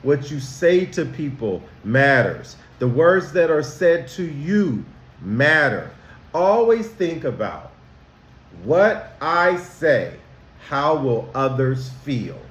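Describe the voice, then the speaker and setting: A man, a school counselor, teaching children about manners in a slow, emphatic way, asking them questions directly. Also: fairly high pitch, big pitch swings, a bit bright, echoey room.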